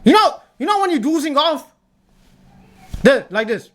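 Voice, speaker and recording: Animated young streamer ranting. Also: high-pitched, moderate pace. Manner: repetitive, emphatic, swears a lot. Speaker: livestreamer talking to chat. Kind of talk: ranting tier-list commentary.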